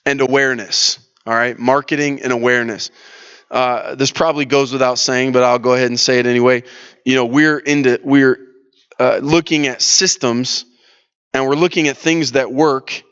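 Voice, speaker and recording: A man's voice: medium pitch, steady tone, moderate pace, a bit bright, clear, resonant tone, dull audio. A man leading a church leadership workshop, talking in a casual, storytelling way with lots of restarts and fillers. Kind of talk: conversational teaching session.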